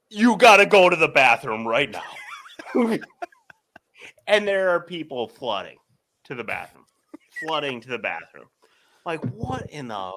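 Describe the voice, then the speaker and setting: A man's voice: a little high, slight background noise. A young man co-hosting a podcast, telling a story in casual, profane chat and laughing as it builds. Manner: animated storyteller, swears freely, laughs through the story. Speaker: podcast co-host.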